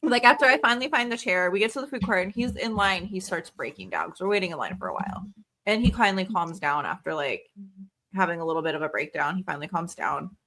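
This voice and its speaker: A woman's voice: fairly low pitch, quick pace, pushed and bright. A young adult woman hosting a podcast, telling a story in casual chat and acting out her kids' voices. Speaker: podcast host.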